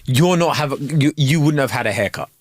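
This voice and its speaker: A man's voice: medium pitch, animated, moderate pace, no echo. A young man, co-hosting a podcast in casual, joking banter and laughing often. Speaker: podcast co-host. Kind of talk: casual chat.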